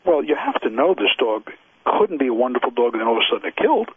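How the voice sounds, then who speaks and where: A man's voice: mid-range voice, sing-song, fast talker, no room sound. Emphatic man on a tinny radio line. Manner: emphatic, repeats points, acts out owners' excuses. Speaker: dog trainer and expert witness. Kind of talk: radio interview guest. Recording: dry, husky, phone-like radio line.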